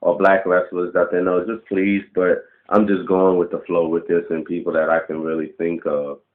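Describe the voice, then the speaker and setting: A man's voice: low-pitched, level tone, moderate pace. A man ranting casually to the camera, blunt and profane, firing off rhetorical questions. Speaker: vlogger. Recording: roomy, dull lo-fi webcam audio.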